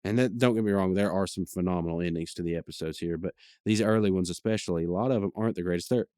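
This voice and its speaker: A man's voice: low voice, fast talker, mellow, smooth, dry recording, clean studio sound. A man hosting a podcast, casually recapping a cartoon episode in a rambling way, full of fillers and brief quoted lines. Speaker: podcast host.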